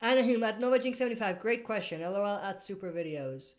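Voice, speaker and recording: Reading viewer comments aloud on a casual live stream, a woman rambles through her answers and keeps stopping to correct herself. She is a fast talker with a mid-range voice.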